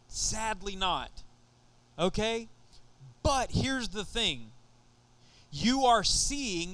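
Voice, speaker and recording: A man's voice: high voice, sharp tone, clean tone. A middle-aged man with a Texan accent preaching a sermon to his congregation in a casual, joking way. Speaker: pastor.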